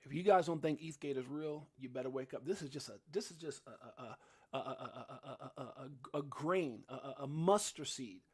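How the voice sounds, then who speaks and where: A man hosting a casual crypto livestream, talking in an animated, rambling way full of restarts and fillers. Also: medium pitch, normal speed, slightly rough. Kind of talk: casual live-stream chat. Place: home studio in Las Vegas.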